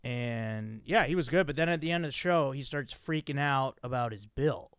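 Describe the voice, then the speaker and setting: A man hosting a podcast, telling a story in a profane, animated way with many restarts. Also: mid-range voice, normal speed, clean tone, dry recording, clean studio sound. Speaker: podcast host. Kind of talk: casual chat.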